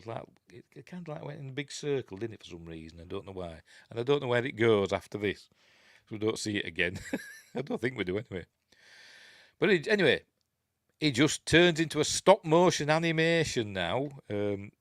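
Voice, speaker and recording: A man's voice: fairly low pitch, no room sound, studio quality. A man with a Yorkshire accent hosting a casual film review, rambling, chuckling and often losing his place.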